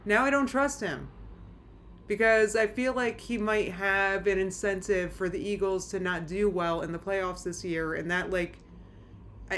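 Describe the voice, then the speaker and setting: A woman's voice: medium pitch, fairly bright tone, a little hiss or hum. A woman streaming from home, chatting casually with her live chat in a rambling, anxious way, full of restarts. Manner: rambling, anxious, many restarts and nervous laughs.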